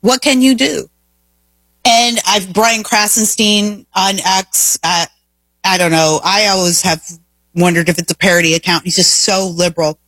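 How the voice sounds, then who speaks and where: A woman's voice: mid-range voice, steady tone, a little slow, fairly bright tone, no room sound. A woman hosting a talk show, delivering an emphatic, opinionated monologue full of rhetorical questions. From Indiana, US.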